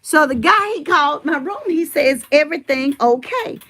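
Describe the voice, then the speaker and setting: A woman's voice: high-pitched, lively intonation, normal speed, sharp tone. A middle-aged woman rambling in casual livestream chat, telling family stories and answering her viewers' comments.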